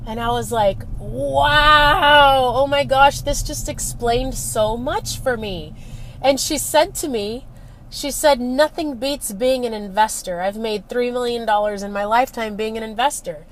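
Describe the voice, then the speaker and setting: Woman in her late forties, network marketer, chatty and emphatic storyteller, fairly high voice, clear traffic noise outside. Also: a little mellow, low-quality recording. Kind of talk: casual storytelling vlog. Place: in a parked car.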